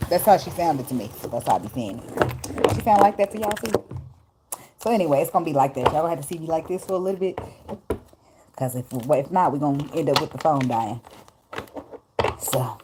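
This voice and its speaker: A woman's voice: low-pitched, expressive, fairly quick, long pauses. A woman giving a loose, profane, joking tarot reading to her viewers from her phone at home. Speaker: tarot reader. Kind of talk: casual spiritual reading vlog. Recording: noisy phone recording.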